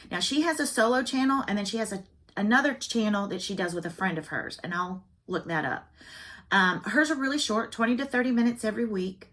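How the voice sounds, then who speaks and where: A woman's voice: mid-range voice, lively intonation, a little fast, fairly bright tone. A middle-aged woman with a Southern US accent, chatting casually to camera about her hobby, with wry joking asides. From United States. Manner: chatty, wry asides and self-teasing jokes. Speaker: cross-stitch vlogger.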